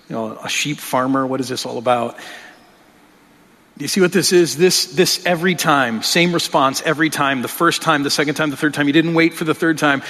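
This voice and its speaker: A male pastor with a voice on the high side and a bit bright preaches earnestly and conversationally, often restarting his phrases. The recording carries the long reverb of a large hall.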